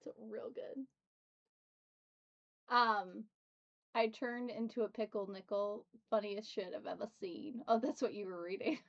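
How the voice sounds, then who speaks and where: A woman's voice: medium pitch, fairly even intonation, moderate pace, dull audio. A woman hosting a tabletop game stream, chatting casually and giggling often. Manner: giggly, laughs often between words. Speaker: streamer and host.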